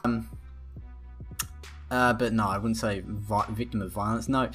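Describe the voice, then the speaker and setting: A man's voice: lowish voice, fairly even intonation, unhurried, a bit bright, soft background music. A young man rants to camera in a blunt, profane, rambling way. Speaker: vlogger. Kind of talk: casual ranting to camera.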